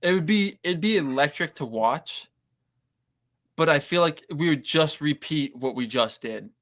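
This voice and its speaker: A man's voice: on the high side, animated, a little slow, fairly bright tone. A young man co-hosting a podcast, joking around in slangy casual chat. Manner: jokey, laughs easily, slangy. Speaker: podcast co-host.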